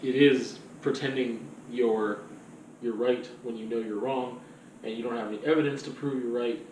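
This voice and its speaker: A man's voice: mid-range voice, steady tone, normal speed, darkish tone, reverberant, distant mic, a little hiss or hum, rough recording. A man vlogging in a rambling, casual monologue full of fillers and loose asides.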